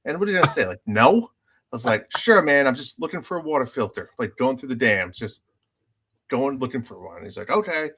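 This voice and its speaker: A man co-hosting a casual podcast, telling lively gaming stories and acting out the other players' lines. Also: medium pitch, fast talker, husky. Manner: animated storyteller, acts out other players' lines. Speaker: podcast co-host.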